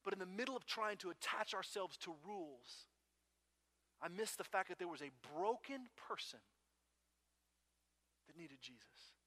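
A man preaching from the pulpit with a bright, forceful voice that sits a little high. He tells stories in a relaxed, conversational way and keeps asking "right?" as he goes. He is middle-aged and speaks as the pastor. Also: moderate pace, pauses often. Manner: storytelling, conversational with frequent "right?" asides. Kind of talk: sermon.

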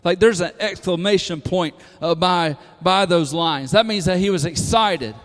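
A man preaching a sermon to a congregation, moving from hushed lines to loud, emphatic calls. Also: high-pitched, moderate pace, few pauses. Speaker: pastor. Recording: long hall reverb.

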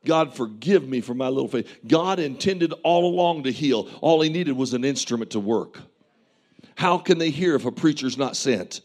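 A man's voice: medium pitch, expressive, moderate pace, darkish tone. A man preaching a sermon as a pastor, telling a vivid testimony with earnest, impassioned preaching.

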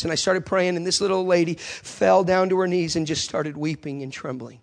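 A man's voice: high voice, fairly even intonation, a little fast, gravelly, few pauses. A man preacher telling a story in a sermon, with emphatic, repetitive phrasing.

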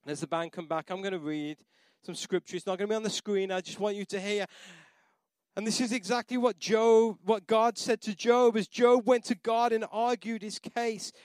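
A man preaching a sermon as pastor. He moves from soft, near-whispered pleading to loud, rising proclamation. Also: sits high, steady tone, moderate pace, dry recording. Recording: live church sermon with band playing behind.

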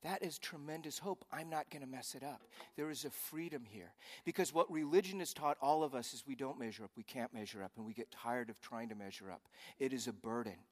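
A man preaching a conversational sermon, swinging between soft asides and loud emphatic lines. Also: medium pitch, fairly quick, hardly any pauses, in a large hall. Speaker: pastor.

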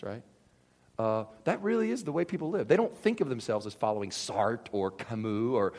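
A man preaching a sermon, animated and conversational, acting out the voices of imagined people. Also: high voice, brisk, slightly rough, big-room sound. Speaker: pastor.

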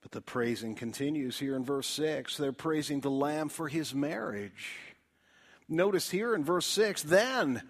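A man preaching a sermon at an unhurried, deliberate pace. His voice sits a little high for a man, and he swells into loud, emphatic declarations before dropping to soft, quiet asides to his listeners. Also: expressive. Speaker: pastor.

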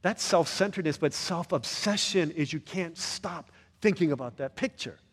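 A man with a voice on the high side preaches to a church, keeping it conversational and energetic and often asking the audience questions. His husky delivery moves at normal speed, and the sound suggests a large hall.

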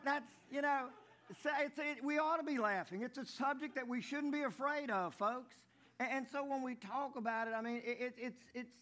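A man's voice: sits high, fairly bright tone. A man preaching a folksy sermon, stumbling over and repeating words as he tells jokes. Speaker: pastor.

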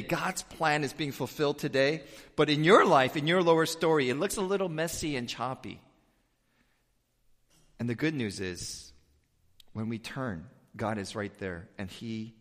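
Man preaching in a reverberant hall. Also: mid-range voice. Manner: conversational preaching, rising to emphatic peaks then dropping soft. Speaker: pastor. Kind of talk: sermon.

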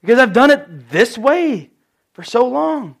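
High-voiced man preaching a sermon. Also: big pitch swings, unhurried, creaky. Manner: storytelling, emphatic and personal.

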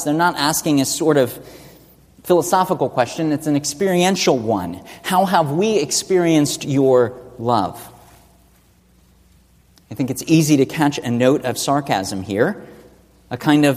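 A man's voice: medium pitch, animated, normal speed, darkish tone. Man preaching in a reverberant hall. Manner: earnest teaching, rhetorical questions. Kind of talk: expository sermon. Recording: long reverb of a large hall.

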